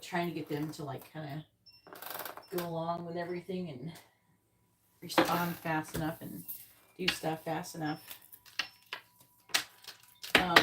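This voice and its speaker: Blunt, low-voiced woman tarot reader. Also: heavy background noise. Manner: blunt, swears, talks straight to viewers. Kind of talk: casual live-stream chat.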